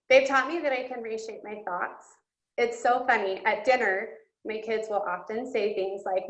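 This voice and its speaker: A woman's voice: fairly high pitch, normal speed. A woman guest speaker giving an earnest, emotional personal testimony. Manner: earnest and emotional, with breaks into laughter. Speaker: guest speaker at a coaching session. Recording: roomy, dull lo-fi sound.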